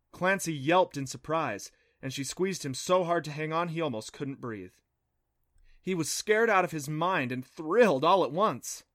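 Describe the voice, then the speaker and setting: A man narrating a children's adventure storybook in a steady, expressive reading. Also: a little high, no room sound, studio quality. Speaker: audiobook narrator.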